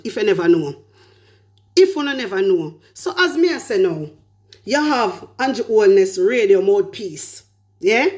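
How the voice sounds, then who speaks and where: A woman's voice: mid-range voice, darkish tone. A woman with a Jamaican accent giving a fiery political commentary, talking in heavy patois and repeating her points over and over.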